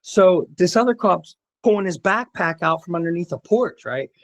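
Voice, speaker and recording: A man telling a wild story in casual chat, excitable and profane. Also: sits high, moderate pace. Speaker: podcast guest.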